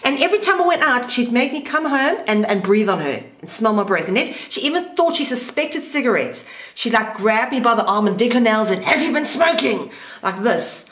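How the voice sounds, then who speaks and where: A woman's voice: fairly high pitch, very animated, brisk, a bit bright, echoey room. A woman interviewing an old school friend in a casual, candid chat, swearing freely and mimicking voices.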